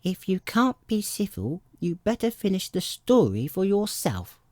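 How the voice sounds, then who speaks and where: A man voicing a sleepy, sulky little male dormouse in a storybook, with a hoarse, feeble, drowsy voice. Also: fairly high pitch, very animated, warm tone, no echo, clean studio sound, voice pushed up. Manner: slow, drowsy, indignant.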